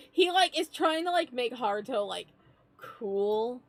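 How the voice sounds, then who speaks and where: Brief: a young woman streamer, a playful, slangy gusher, fairly high voice, unhurried delivery. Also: expressive, no echo. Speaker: streamer drawing live. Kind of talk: casual live-stream chat.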